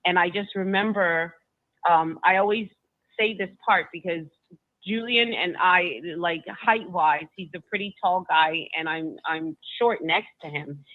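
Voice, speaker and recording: Through what sounds like a phone call, thin and tinny with no room echo, a woman guest with a voice on the low side shares a personal story. She's emotional and halting, tripping over and repeating her words.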